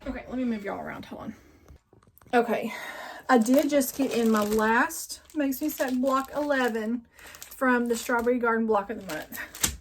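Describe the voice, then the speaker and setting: A woman's voice: fairly high pitch, moderate pace. A woman hosting a casual sewing tutorial, thinking aloud and rambling as she grows frustrated with her work. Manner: talks to herself, frustrated and rambling. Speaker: quilting video host. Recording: sewing machine noise behind.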